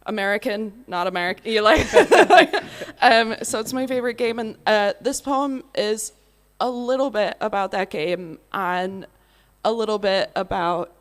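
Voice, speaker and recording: A woman's voice: mid-range voice, measured pace. A woman poet chatting with many fillers and laughs, then reading her poem on a theatre stage. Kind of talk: poetry reading with casual chat.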